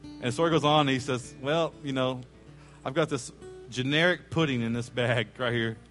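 Guy pastor preaching, storytelling, mid-pitch voice, faint guitar behind. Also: normal speed. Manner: animated storyteller, acts out quoted voices, jokes with congregation. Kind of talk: sermon with storytelling. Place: church sanctuary.

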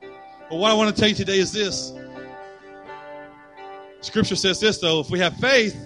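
A man's voice: high voice, fairly even intonation, normal speed, a bit bright, faint music behind. A man preaching a sermon as pastor, building fervor and acting out quotes.

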